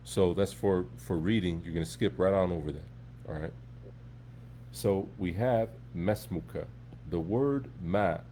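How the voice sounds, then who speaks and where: A man teaching an Arabic class in a relaxed, conversational way, often checking in with his students. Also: low-pitched, a little slow, a little hiss or hum. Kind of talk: live classroom lesson.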